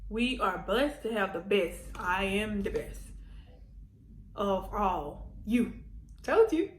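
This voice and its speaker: A goofy, excitable woman chatting casually through an unboxing vlog, laughing and getting emotional as she reads notes aloud. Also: medium pitch, slow, roomy sound, a little hiss or hum, low-quality recording. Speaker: vlogger.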